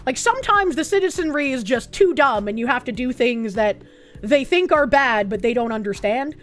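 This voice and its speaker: A woman's voice: sits high, animated, normal speed, faint music behind. Woman streamer, casual and swearing. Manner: swears freely, thinks aloud. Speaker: live streamer reading chat.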